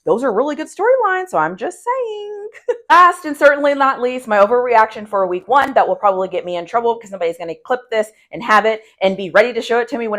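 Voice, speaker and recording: A woman's voice: mid-range voice, fairly bright tone. A woman giving casual, emphatic sports opinions, laughing often and repeating phrases for effect. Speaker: sports commentator.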